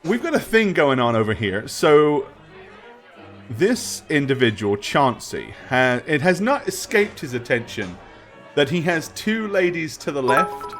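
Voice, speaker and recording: A man's voice: on the high side, big pitch swings, unhurried, fairly bright tone, soft background music. A man narrating a tabletop game as game master, chatty and rambling. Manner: chatty, rambling, laughs often.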